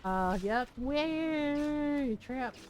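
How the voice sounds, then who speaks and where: Speaking extremely slowly, this woman has a high-pitched, expressive voice and a rough recording. She's a game streamer giving casual commentary while playing, rambling and giggling with plenty of "like" and "right?".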